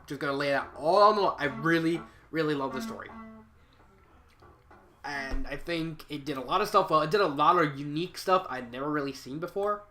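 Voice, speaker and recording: A man's voice: on the high side, fairly quick, sharp tone. Stuffy young man reviewing fan fiction. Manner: rambling, self-correcting, frequent restarts. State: stuffy head cold. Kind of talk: casual spoken review.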